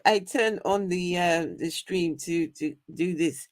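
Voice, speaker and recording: A woman co-hosting a live stream, chatting casually with an animated, incredulous manner and frequent laughter. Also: lowish voice, slow pace, hardly any pauses, no echo, studio quality. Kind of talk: casual chat reacting to a video. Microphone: streaming microphone.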